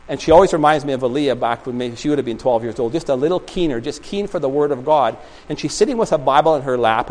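The poor audio captures a pastor with a fairly high, slightly mellow voice preaching in a small church. He tells stories in a rambling way, restarting frequently.

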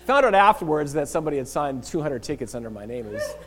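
A man's voice: on the high side, fast. A middle-aged man, a pastor preaching a sermon, telling a funny story with frequent laughs. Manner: animated storyteller, often laughing.

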